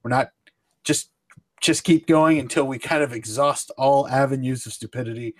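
A man's voice: medium pitch, moderate pace. Playful man hosting a podcast. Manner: playful, mock-formal, stumbling restarts. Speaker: podcast host. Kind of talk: casual comedy podcast chat.

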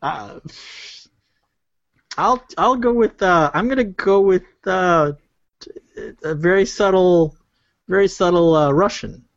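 A man's voice: high voice, slow pace, creaky, pauses often, muffled recording. A man joining a casual podcast chat, hesitant and full of fillers. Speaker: podcast guest.

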